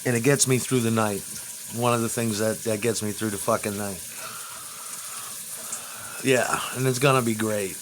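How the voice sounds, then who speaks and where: A man in a rambling, crude monologue vlog, swinging between loud outbursts and low mutters, recorded at home. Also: steady tone, moderate pace, long pauses, background noise.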